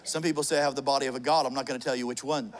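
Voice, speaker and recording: A man's voice: mid-range voice, steady tone, racing, a crowd in the background, noisy background. A middle-aged man preaching a sermon, telling a funny personal story with jokes and many restarts. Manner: joking, storytelling, frequent restarts.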